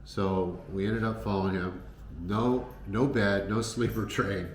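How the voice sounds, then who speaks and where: Deep-voiced man rambling through travel stories. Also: a little slow. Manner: rambling, many fillers and restarts. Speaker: travel vlogger. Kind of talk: casual storytelling to camera. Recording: echoey room with faint noise.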